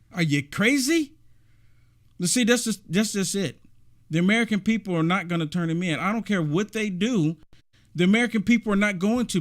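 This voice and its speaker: A man giving emphatic, repetitive reaction commentary on a video clip. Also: high-pitched.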